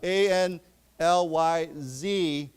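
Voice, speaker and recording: A man teaching English to a class, explaining words and repeating them slowly for his students. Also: fairly high pitch, smooth. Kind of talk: classroom lesson. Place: library lecture room.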